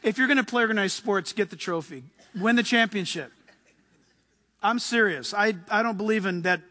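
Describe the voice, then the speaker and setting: A man preaching a sermon in an animated way, acting out the voices in his quotes. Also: sits high, normal speed. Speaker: pastor.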